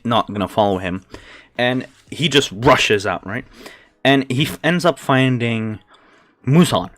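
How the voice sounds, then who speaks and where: Rambling through a story as host, a man leans on fillers such as "like" and "you know" and breaks into frequent laughs between lines. He has a lowish voice with a fairly bright tone, recorded dry.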